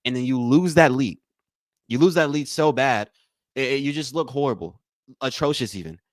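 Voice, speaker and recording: A man hosting a live watch-along stream, calling plays, thanking donors, and repeating himself with excitement. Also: medium pitch, normal speed, no echo. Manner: excitable, repeats phrases, says y'all a lot. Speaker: livestream watch-along host. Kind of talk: live game commentary and chat.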